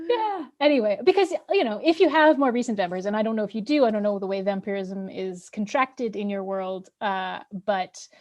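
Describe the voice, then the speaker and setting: A woman hosts a casual video-call interview, enthusiastic and rambling with lots of fillers. Her voice is medium-pitched and her speed is normal.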